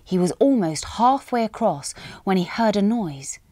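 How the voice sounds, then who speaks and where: A woman reads a children's story aloud in a lively, sweeping voice that climbs for excitement and drops to near-whispers. The recording is close and dry, with no room sound. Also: mid-range voice, measured pace, no room sound. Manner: expressive, dramatic with hushed moments.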